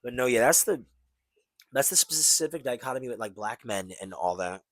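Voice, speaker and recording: A man's voice: medium pitch, lively intonation, fairly quick, no room sound. A man in his twenties talking casually to camera, rambling and tacking "and whatnot" onto his points. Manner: rambling, peppers talk with "and whatnot". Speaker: vlogger.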